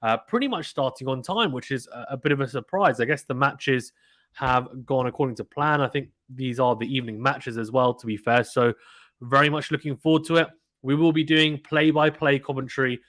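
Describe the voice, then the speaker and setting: A man's voice: medium pitch, brisk, a bit bright, dry recording, clean studio sound. A man hosting a casual live tennis watchalong, chatting with viewers and often repeating himself. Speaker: live stream commentator. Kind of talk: casual play-by-play watchalong chat.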